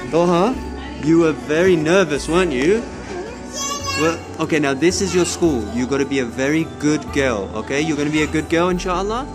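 A man chatting as a father in a family vlog, joking with viewers and coaxing his young daughter. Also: a little high. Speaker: vlogger and father. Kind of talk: casual family vlog chat.

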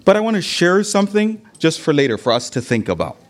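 A man giving a religious talk, retelling a story with lively quoted dialogue and Arabic religious phrases. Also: a little high, fast. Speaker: religious lecturer. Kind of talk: sermon with storytelling.

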